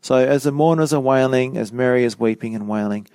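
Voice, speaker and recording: A man's voice: mid-range voice, fairly quick, dark tone, no echo. A man preaching a sermon, teaching in a conversational way with frequent fillers like "you know.".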